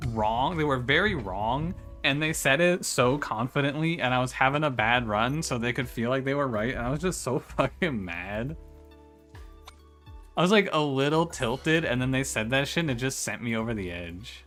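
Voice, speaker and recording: A man with a bright, forward voice chats loosely with his viewers while he plays, cursing casually and laughing between thoughts. Faint music sits under his talk. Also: mid-range voice, lively intonation, normal speed. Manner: chatty, swears freely, laughs while talking to chat. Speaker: game streamer. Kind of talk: casual live-stream chat.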